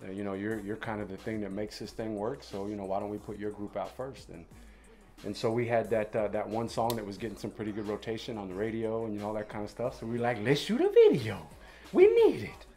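Laid-back low-voiced male guest. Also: flat delivery, fast, a little mellow, faint music behind. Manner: laid-back, many fillers. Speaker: guest, musician and actor. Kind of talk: casual chat.

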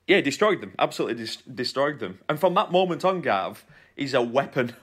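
A man's voice: mid-range voice, sing-song, fairly quick, a bit bright, breathy edge. Man, podcast co-host, casual chat, storytelling, teasing banter.

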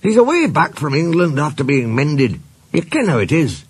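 A man voicing a fussy male engine with a Scottish accent in a storybook reading, speaking hoarsely. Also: on the high side, big pitch swings, normal speed, dry recording, voice pushed up. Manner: hushed and hoarse, then raised.

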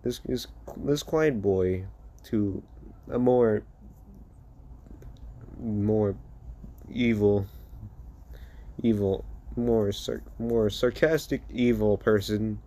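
A man's voice: fairly low pitch, very slow, long pauses, mellow. A man improvising a fan story, rambling and casual, with plenty of swearing.

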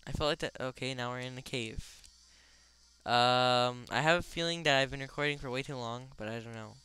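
A man's voice: mid-range voice, fairly quick, clear, resonant tone, soft background music. A young man casually commenting on a video game, rambling with lots of fillers and bursting out now and then. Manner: excitable outbursts. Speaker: let's play gamer.

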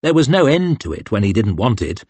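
A man's voice: on the low side, sing-song, a little fast, a little mellow, slightly rough, no room sound. A man narrating an audiobook in a tense, dramatic reading style. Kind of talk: scripted narration.

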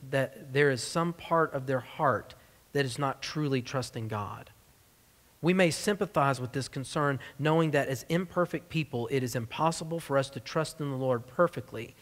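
A man's voice: mid-range voice, normal speed, in a large hall. A man preaching a sermon as pastor of a church, in a conversational, joking style. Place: church sanctuary.

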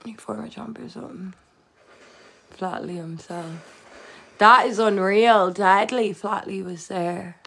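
With long pauses, a young woman speaks slowly in a creaky, medium-pitched, fairly bright voice over a little hiss or hum. She's a livestreamer playing a game and chatting casually to viewers, cursing freely and shrieking when things go badly.

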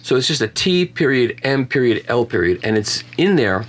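A man's voice: mid-range voice, sing-song, normal speed, a little hiss or hum. A man reviewing vinyl records in a casual conversation, chatty and full of self-mocking jokes and restarts. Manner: chatty storyteller who often restarts and jokes about himself.

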